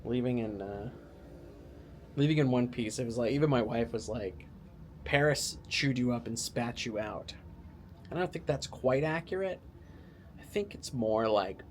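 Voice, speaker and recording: A man's voice: medium pitch, a little hiss or hum. A man talking casually to the camera from a hotel room, rambling and poking fun at himself, with lots of filler words. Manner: rambling, self-mocking, full of "like" fillers. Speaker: travel vlogger.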